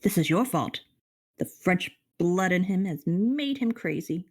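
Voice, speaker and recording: A woman's voice: lowish voice, expressive, measured pace. A woman doing a despairing father mouse. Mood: blaming.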